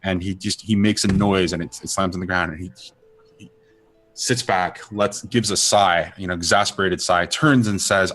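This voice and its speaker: A man narrating a tabletop role-playing game as game master, rambling and halting as he describes the scene. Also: sits low, fairly even intonation, fairly bright tone, faint music behind. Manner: rambling, halting, many fillers and restarts.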